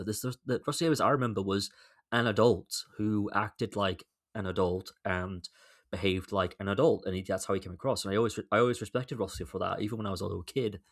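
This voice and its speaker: Exasperated young man, low voice, rambling. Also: steady tone, brisk. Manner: rambling, exasperated, swears freely. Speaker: podcast host. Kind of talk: casual solo commentary.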